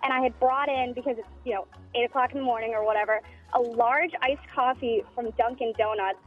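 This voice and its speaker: A young woman calling in to a radio show, telling an embarrassing story quickly and laughing. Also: on the high side, steady tone, faint music behind. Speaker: caller. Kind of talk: telling a funny anecdote. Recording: dull lo-fi line.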